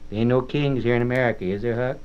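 A man reading aloud and voicing a kindly, simple, earnest runaway man in a soft rustic drawl, on a dull old record. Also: medium pitch, steady tone, quick pace, clean tone, close to an everyday voice. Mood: wondering.

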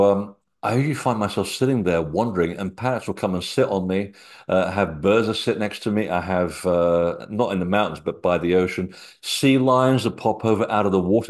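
A man's voice: sits low, darkish tone. A man being interviewed, telling rambling, anecdotal stories with many fillers. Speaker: interview guest, author. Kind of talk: casual chat.

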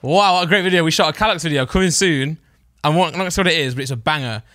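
A man's voice: a little high, rapid-fire, fairly bright tone, dry recording, studio quality. A young man co-hosting a podcast, chatting and telling stories with laughs and restarts. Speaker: podcast co-host. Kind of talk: casual chat.

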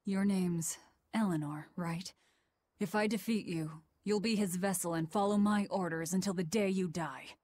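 An actress voicing a cocky, combative young woman duelist in a video game, calling out high battle cries. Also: moderate pace, darkish tone, lightly acted. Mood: threatening.

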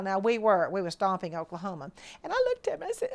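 Older woman, storyteller, pitch leaps all over, acts out the voices, slightly high. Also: fast. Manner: tearful, excited retelling with lively voice impressions. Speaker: interviewee recalling a memory. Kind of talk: animated personal storytelling.

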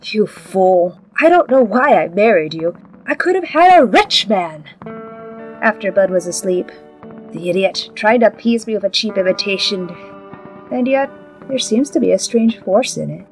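A woman's voice: medium pitch, expressive, moderate pace, faint music behind, natural voice, rough recording. A woman voicing a greedy, contemptuous wife who sneers at her husband. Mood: scornful. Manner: contemptuous, sharp. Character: greedy, scornful young wife turned priestess.

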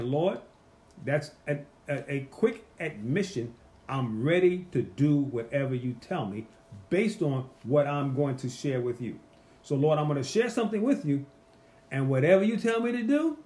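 A man teaching a casual Bible study, animated and emphatic, asking the group rhetorical questions. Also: on the high side.

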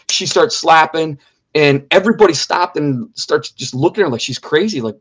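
A man's voice: fairly high pitch, moderate pace, a bit bright. A middle-aged man giving an earnest personal testimony in an interview, repeating key phrases for emphasis. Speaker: interview guest.

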